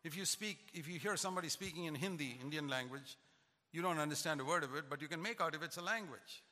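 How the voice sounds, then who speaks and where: An older man preaching a sermon, emphatic and rising in pitch to stress his points. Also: fast talker, bright, forceful tone. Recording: long hall reverb.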